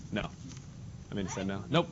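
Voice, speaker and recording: A man's voice: on the low side, expressive, moderate pace. A male math teacher leading a classroom lesson, casual and joking, calling on students by name. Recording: dull lo-fi classroom recording with faint noise.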